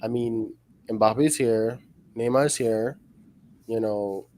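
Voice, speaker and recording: A man's voice: medium pitch, fairly even intonation, takes it slowly, a little mellow, a little hiss or hum. A man hosting a casual football podcast, talking in a rambling, heated way full of "like" and "you know". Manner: rambling, filler-heavy, heated. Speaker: podcast host. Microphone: podcast mic.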